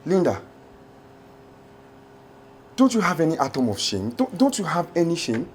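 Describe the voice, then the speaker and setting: An actor with a Nigerian accent playing an angry husband who shouts, insults and repeats himself. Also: male voice, a little high, wildly swooping pitch, moderate pace, slight background noise. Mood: scornful. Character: furious shouting husband, scornful and bullying.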